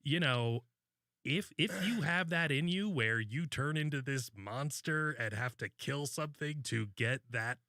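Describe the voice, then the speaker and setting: A man's voice: a little high, a little slow, pushed and bright, no room sound, clean studio sound. A man co-hosting a podcast in casual chat, rambling and swearing freely. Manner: rambling, loose, swears often. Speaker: podcast co-host.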